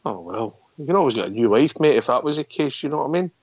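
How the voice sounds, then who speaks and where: Radio host bantering on a dull line. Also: male voice, mid-range voice, very animated, fast talker, a little mellow, slightly rough. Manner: matey banter, says "mate" a lot. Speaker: call-in show host. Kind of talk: casual chat.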